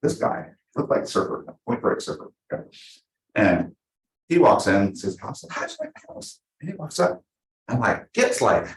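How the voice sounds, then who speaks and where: Lively man teaching in an echoey room. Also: on the low side. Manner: energetic, fast, full of acted-out examples. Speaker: real estate trainer. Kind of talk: live team training class. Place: meeting room with a small audience.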